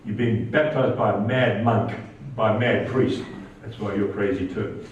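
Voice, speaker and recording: A man preaching a sermon, getting animated and rising in pitch when he quotes scripture. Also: measured pace, background noise. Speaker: pastor. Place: church. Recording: echoey church hall, distant mic, dull sound.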